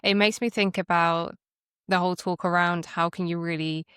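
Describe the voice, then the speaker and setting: A woman host with a low, smooth voice responds thoughtfully in an interview. Her delivery is even, without much rise and fall. The sound is dry and close. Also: normal speed, no echo. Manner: thoughtful, reflective follow-up. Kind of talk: interview conversation.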